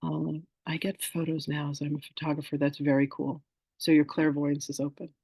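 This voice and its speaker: A man's voice: on the high side, normal speed, gravelly, breathy edge, no echo, poor audio. A man hosting an online spiritual masterclass, telling stories in a casual teaching style and acting out the voices of the people in them. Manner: animated storyteller acting out quoted voices.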